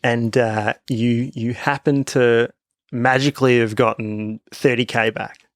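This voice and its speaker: A man co-hosting a podcast, rambling and restarting as he poses questions in easy banter. His voice is mid-pitched and sits dry and close to the mic. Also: fairly even intonation, no room sound. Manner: rambling, restarts, quick agreement. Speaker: podcast co-host. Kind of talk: casual banter.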